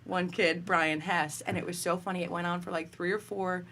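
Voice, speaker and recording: A young woman with a fairly low-pitched voice chats through her stories as a podcast guest. She is lively and quick to laugh, with a faint hum behind her. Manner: lively, laughs often while telling stories. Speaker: guest, company founder. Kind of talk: casual storytelling interview.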